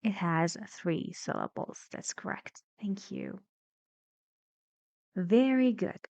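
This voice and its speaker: A woman teaching English pronunciation, saying each word slowly and clearly and repeating it for students to copy. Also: mid-range voice, darkish tone, dry recording. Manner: slow, deliberate, repeating each word for practice. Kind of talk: pronunciation lesson.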